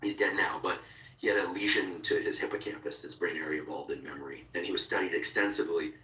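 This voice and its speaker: Low-voiced male podcast host. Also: fast, sharp tone, roomy sound, recorded from a distance, rough recording. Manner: curious, explains things plainly. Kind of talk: casual interview chat.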